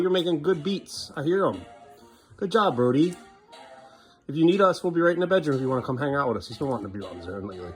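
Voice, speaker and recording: Man, father, casual home vlog, coaxing small children, playful banter, indoors, faint music behind. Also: mid-range voice. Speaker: father vlogging his day with his sons.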